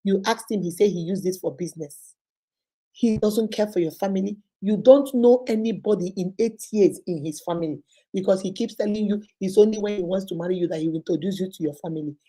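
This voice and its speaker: Warm Nigerian woman counselor. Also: mid-range voice, brisk. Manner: probing, repeats the listener's words back in long lists. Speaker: relationship counselor and host. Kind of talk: storytelling advice talk.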